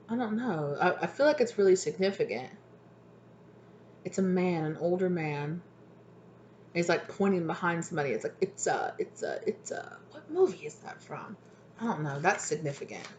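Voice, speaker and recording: A woman with a fairly low voice talks through a tarot reading in a loose, conversational way. She keeps looping back with quick check-ins such as "right?" and "exactly". A faint hiss sits behind her voice. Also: lively intonation, a little mellow, lo-fi sound. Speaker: tarot reader. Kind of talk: casual spoken tarot reading.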